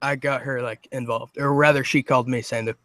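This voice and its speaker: A young man, a guest prankster, telling his stories in a rambling, excitable way with lots of fillers. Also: medium pitch, a little fast, dry recording, clean studio sound. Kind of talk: casual chat.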